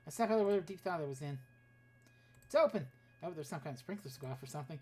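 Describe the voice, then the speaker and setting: Fast-reading low-voiced woman streamer. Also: slightly rough, soft background music. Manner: rapid, lively reading with offhand asides and swearing. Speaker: streamer playing a text game. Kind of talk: reading a text adventure aloud on stream.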